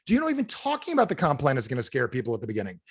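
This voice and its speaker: A man giving an energetic sales training talk over a video call, firing questions at his audience. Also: mid-range voice, very fast, breathy edge, no room sound, clean studio sound. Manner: animated, asks the audience repeated questions. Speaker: motivational speaker.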